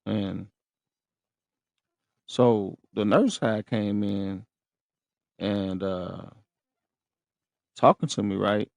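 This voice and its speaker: A man's voice: on the low side, steady tone, extremely slow, creaky, long pauses, a little mellow, no room sound. A man hosting a podcast, telling listeners a story in slangy, profane casual talk and often checking in with them. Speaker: podcast host. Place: room in a rehab center.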